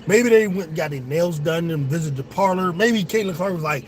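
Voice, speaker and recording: A young man, his voice pitched a little high, calls a basketball game live for his viewers. He is excitable and swears freely. A faint hiss sits under the voice. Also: a little fast, few pauses. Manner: excitable, profane, talks straight to viewers. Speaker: sports show host. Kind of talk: casual live watch-along commentary.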